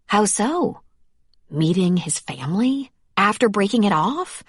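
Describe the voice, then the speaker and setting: A woman's voice: mid-range voice, sing-song, a little slow, slightly rough, dry recording, studio quality. A woman reading aloud voices a wry, guarded grown woman in a romance story.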